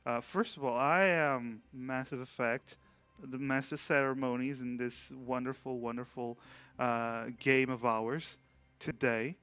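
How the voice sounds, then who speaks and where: Slow-talking relaxed male game master. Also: mid-range voice, smooth, dry recording, lo-fi sound. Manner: relaxed, rambling, laughs often. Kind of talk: casual chat before a tabletop game stream.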